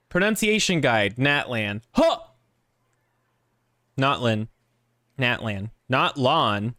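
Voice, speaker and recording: A man's voice: mid-range voice, lively intonation, slow pace, long pauses, bright, forceful tone, no echo, clean studio sound. A man streaming a video game who talks casually, swears freely and trips over hard names. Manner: rambling, profane, stumbles over names. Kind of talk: casual gameplay commentary.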